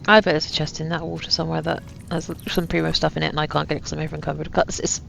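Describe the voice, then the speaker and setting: A woman's voice: sits low, little pitch movement, rapid-fire, gravelly, fairly bright tone, a little hiss or hum. A woman giving chatty, wry commentary on her own game, full of self-mocking asides. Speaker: gaming channel host. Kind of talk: casual gameplay commentary. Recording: dull lo-fi sound with faint ambience.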